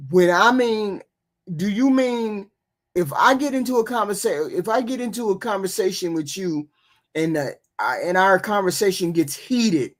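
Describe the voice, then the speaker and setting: A woman's voice: medium pitch, expressive, normal speed. A woman hosting a livestream who argues with impassioned force. She repeats phrases and piles question on question, and her voice sits in the middle of the range for a woman. It comes over a remote call. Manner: impassioned, argumentative, repeats herself. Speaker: host. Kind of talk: livestream talk show.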